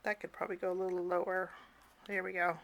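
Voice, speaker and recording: A woman's voice: fairly low pitch, little pitch movement, fast. A woman teaching a casual cardmaking tutorial, chatty, with personal asides and frequent fillers.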